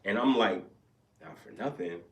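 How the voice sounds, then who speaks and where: Brief: young man, casual podcast storyteller, animated and profane, a bit off-mic in a roomy space. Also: deep voice, normal speed, recorded from a distance. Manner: animated, profane, acts out both sides of arguments. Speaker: podcast co-host. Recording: echoey room, off-mic.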